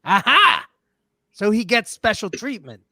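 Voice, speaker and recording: A man performing a comedy sketch as an indignant, self-important character who speaks in deadpan. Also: sits high, unhurried, gravelly, dry recording.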